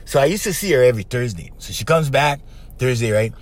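A man's voice: mid-range voice, lively intonation, quick pace. A middle-aged man, hosting a podcast and telling a client's story in a chatty way, checking in with "okay?" and "right?". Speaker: podcast host and life coach.

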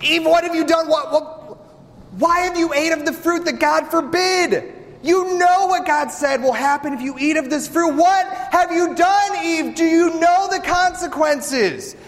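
A man's voice: very high-pitched, a little slow, voice pushed up. A man acting out Adam as a frightened young husband who begs God desperately, his voice trembling. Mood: panicked. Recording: reverberant hall with faint ambience.

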